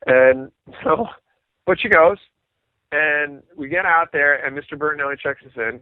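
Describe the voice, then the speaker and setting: A musician guest with a fairly high, clear, resonant voice speaks a little slowly in a casual interview. He tells stories with animation and acts out the voices of people he quotes. The audio comes through a dry, tinny, phone-like line with no echo.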